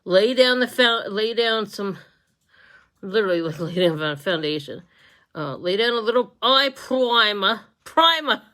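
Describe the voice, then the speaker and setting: A woman's voice: medium pitch, lively intonation, unhurried, fairly bright tone. Chatty giggly woman doing her makeup. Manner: chatty, giggly, trails off and restarts often. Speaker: beauty vlogger and makeup sales representative. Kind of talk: casual get-ready-with-me makeup tutorial. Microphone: phone camera.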